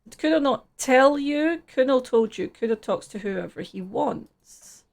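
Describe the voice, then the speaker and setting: A woman's voice: sits high, animated, unhurried, vocal fry, darkish tone, voice pushed up, heavily acted. A woman reading as a brash, foul-mouthed teenage street boy. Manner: swaggering, profane, third-person talk.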